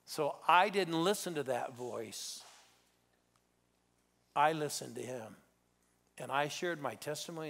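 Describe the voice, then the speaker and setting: A middle-aged man preaching a sermon as a storyteller, moving between loud exhortation and hushed intensity. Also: mid-range voice, creaky. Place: church sanctuary.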